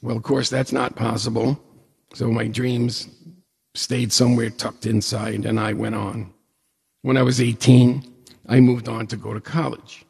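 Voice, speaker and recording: On stage, a man in his forties or older tells an audience a personal story, unhurried and humorous, acting out the dialogue. His medium-pitched voice is gravelly and a little rough, his manner animated and self-mocking, and a long hall reverb hangs on the recording.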